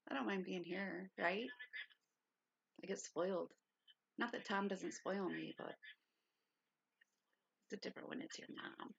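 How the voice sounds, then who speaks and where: Woman, livestream host, casual chat, gravelly, husky, talks low and soft, dull lo-fi audio. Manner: talking low and softly, unhurried and rambling. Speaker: host of her own livestream channel. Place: indoors at her mother's home.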